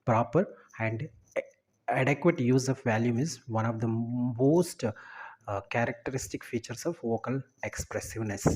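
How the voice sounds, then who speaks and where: Man, lecturer, husky voice, explanatory, tags points with "right?". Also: medium pitch, moderate pace, darkish tone. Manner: often ends points with a checking "right?".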